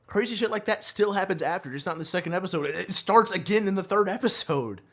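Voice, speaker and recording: A man's voice: sits high, lively intonation, fast talker, a bit bright. A man co-hosting a podcast, talking bluntly and swearing freely in casual chat. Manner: blunt and profane. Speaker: podcast co-host.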